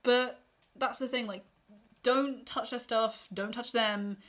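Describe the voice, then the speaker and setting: Woman, podcast co-host, casual chat, frank, advice-giving, laughs a lot, slightly high voice. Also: steady tone, slow pace, a bit bright.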